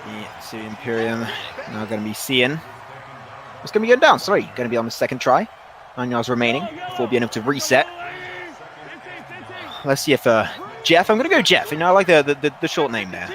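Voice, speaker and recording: Fast-talking esports commentator man. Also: mid-range voice, very animated, crowd noise. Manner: rambling, self-correcting, laughs at himself. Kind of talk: play-by-play commentary.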